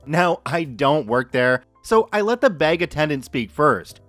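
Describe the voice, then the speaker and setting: A man hosting a story podcast, reading listener posts aloud in a lively, expressive way. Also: on the high side, a little slow, hardly any pauses, no room sound, faint music behind. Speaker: podcast host reading stories. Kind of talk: narrating Reddit stories.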